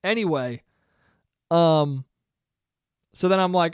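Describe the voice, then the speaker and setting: A man's voice: on the high side, slow pace, pauses often, clean tone, no room sound, clean studio sound. A man hosting a casual solo podcast who tells stories with heavy swearing, laughs often, and mocks himself. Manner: profane, self-mocking, laughs often. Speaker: podcast host.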